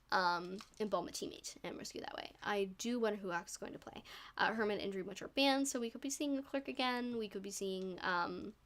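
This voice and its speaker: A woman's voice: medium pitch, fairly bright tone. A young woman doing solo live commentary on an esports match, chatty and bubbly, often laughing at herself.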